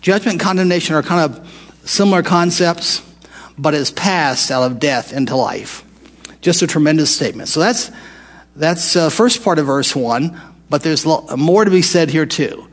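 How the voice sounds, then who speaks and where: A man's voice: a little high, normal speed. A man teaching a Bible study in a conversational way, asking questions and repeating phrases for emphasis.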